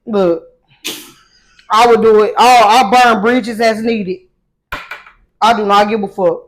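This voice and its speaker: A woman's voice: mid-range voice, steady tone, takes it slowly, a little hiss or hum. A woman from St. Louis, a guest emcee, chatting casually on a podcast, brash and laughing, tipsy from drinks.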